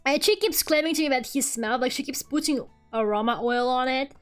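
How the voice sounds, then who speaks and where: A fairly high-voiced woman chatting on a live drawing stream, rambling from one story to the next. She swears casually and breaks into laughs. Soft music plays faintly behind her. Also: fairly quick, clean tone. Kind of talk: casual chat while drawing.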